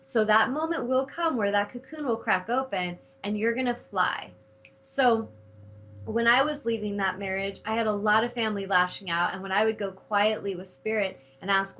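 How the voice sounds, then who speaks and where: A middle-aged woman hosting a spiritual talk show, speaking in an animated, casual way and cursing freely when she retells her anger. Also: mid-range voice, moderate pace, poor audio. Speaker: host.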